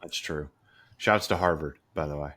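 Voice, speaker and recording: With a bass voice at a moderate pace and slight background noise, a man co-hosts a podcast in relaxed conversation. He relates stories animatedly and acts out what people said.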